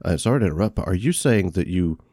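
A man's voice: low-pitched, lively intonation, quick pace, mellow, no room sound, studio quality. A man hosting a debate, politely interrupting with stammering restarts to clarify. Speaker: host.

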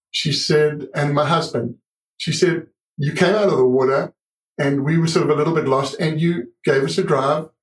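A man's voice: on the high side, reverberant, poor audio. A middle-aged man telling a story as a podcast guest, acting out the dialogue as he goes. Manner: animated storyteller, acts out dialogue. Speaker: guest author and surfer.

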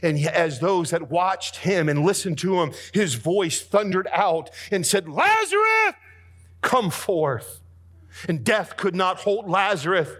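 A man preaching a sermon with dramatic swings between hushed, soft passages and booming, emphatic lines. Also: a little slow, hardly any pauses, husky.

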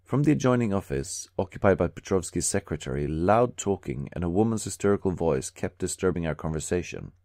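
A man reading a historical memoir aloud in a steady, measured narration. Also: sits low, no room sound, clean studio sound. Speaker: audiobook reader. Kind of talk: scripted narration.

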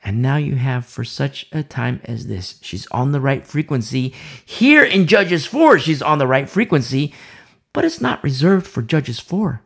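A man preaching a Bible sermon with passion, dropping to hushed asides and repeating phrases for effect. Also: a little high, very animated, measured pace, breathy edge. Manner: impassioned, swings between loud emphasis and hushed asides.

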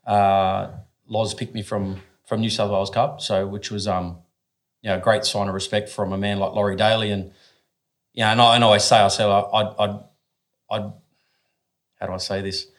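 A lower-voiced Australian man in his forties tells stories as a guest on a talk podcast. He speaks bluntly and casually, swears without hesitation, and often stops and restarts his sentences. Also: flat delivery, normal speed, pauses often. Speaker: guest, former professional athlete.

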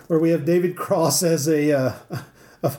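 Chatty high-voiced podcast host, a man. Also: a little slow, mellow. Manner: chatty, laughing, wry. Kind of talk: casual podcast chat.

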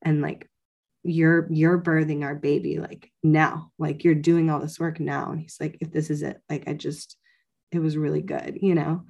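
A woman's voice: low voice, level tone, moderate pace, vocal fry, dark tone, muffled recording. A woman in her thirties, a podcast guest casually telling her own birth story and quoting the people around her. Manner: conversational, many "like" fillers, quotes others in her story.

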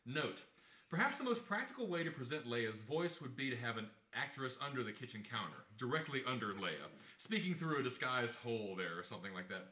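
Man narrating stage directions, lively, bright, jokey asides, roomy echo. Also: mid-range voice, fairly quick. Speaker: organizer and stage-direction reader. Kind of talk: play reading narration.

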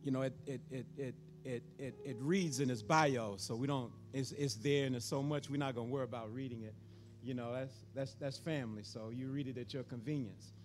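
A man's voice: medium pitch, steady tone, brisk. A man introducing a guest preacher in an informal, rambling way, repeating himself and talking to the church as family. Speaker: church host introducing the speaker.

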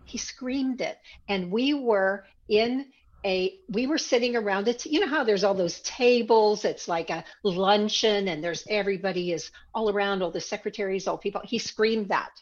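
A woman recounts her own past in an interview, in a reflective voice that turns animated when she repeats old conversations. Her pitch sits in the middle range. The recording sounds a little dull and lo-fi. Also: normal speed. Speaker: interview guest. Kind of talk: personal storytelling in an interview.

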